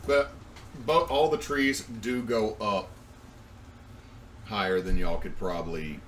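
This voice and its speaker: A man serves as game master, setting scenes in an unhurried, descriptive way full of little fillers. His voice sits low, and he sounds a step away from the microphone, with a faint hiss underneath. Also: animated. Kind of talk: narrating a tabletop game. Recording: distant mic with faint noise.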